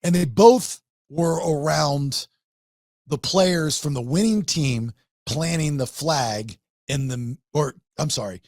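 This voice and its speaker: A man hosting a podcast, chatting casually about college football and rising in pitch when he makes a point. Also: slow pace, a little mellow, no echo. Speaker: podcast host. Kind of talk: casual sports chat.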